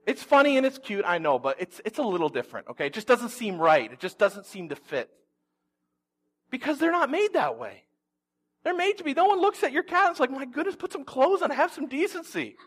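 A man preaching a conversational sermon as a pastor, telling the story in an animated way with humorous asides. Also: extremely high pitch, fairly quick.

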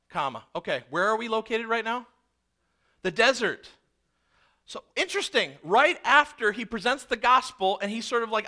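A male pastor preaching a sermon, animated and acting out the people in the story. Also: very high-pitched, normal speed. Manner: animated, acts out characters.

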